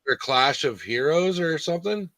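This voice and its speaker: A man's voice: fairly high pitch, expressive, moderate pace, a bit bright, no echo. A man hosting a live stream, chatting in an easygoing way with lots of "like" and "dude". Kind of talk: casual chat.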